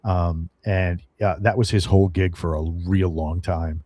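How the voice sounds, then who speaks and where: Rambling middle-aged man, dog-handler guest, low voice, dry close mic. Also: measured pace, dry recording. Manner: rambling, animated storyteller with many fillers and restarts. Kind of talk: casual podcast storytelling.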